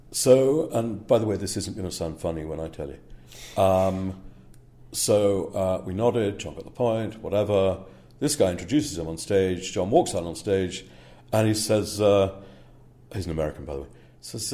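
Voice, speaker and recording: A man talking casually in an interview about his work as a speaker agent. His voice is low and mellow. He hesitates with fillers and checks in with the listener with a frequent "yeah?". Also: moderate pace.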